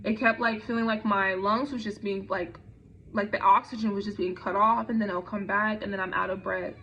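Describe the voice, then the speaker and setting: A woman's voice: medium pitch, steady tone, a little fast, a bit bright, slight background noise. A young woman telling a personal story in a conversational way, with frequent fillers and restarts. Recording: dull lo-fi recording.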